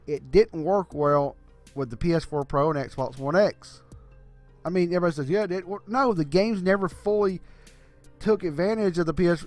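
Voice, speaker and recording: A tired older man rants bluntly about games, swearing freely and sounding exasperated. His voice sits a little high for a man. Faint music plays underneath. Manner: blunt, profane, exasperated ranting. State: tired, yawning. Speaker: gaming channel host. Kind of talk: casual opinion rant.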